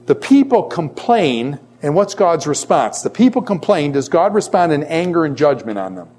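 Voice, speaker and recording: A man's voice: a little high, sing-song, normal speed, a little mellow. A man in his fifties teaching a class in a conversational lecture, repeating his points and acting out quoted voices.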